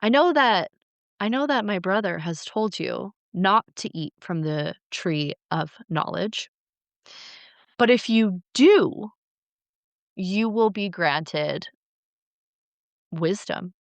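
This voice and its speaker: A woman voicing a brash, mischievous male god who coaxes and stirs up trouble, in a smooth voice. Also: medium pitch, lively intonation, slow, long pauses, dry recording. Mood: coaxing. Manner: sly, coaxing whisper-like asides.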